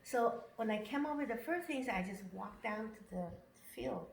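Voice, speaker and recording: A woman from Washington state giving a casual testimonial about her camp visit. She talks in broken English, laughs often and gets excited easily. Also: fairly high pitch, normal speed. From Washington state, USA. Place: upstairs room at a camp. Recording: roomy echo, faint noise.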